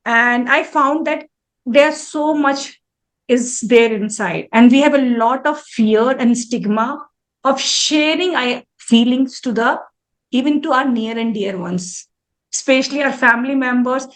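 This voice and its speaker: A woman in her forties answers an interviewer in front of a live audience, in a high, bright register. She is earnest and reflective, and she often restarts her sentences midway. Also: measured pace. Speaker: interview guest, mandala artist.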